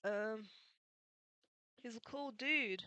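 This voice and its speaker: A woman gives a casual spoken recap, chatty and full of fillers and small laughs. Her voice is bright and smooth, close and dry on the mic, with no room around it. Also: on the high side, extremely slow, dry recording, rough recording. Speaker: video creator summarizing a manga.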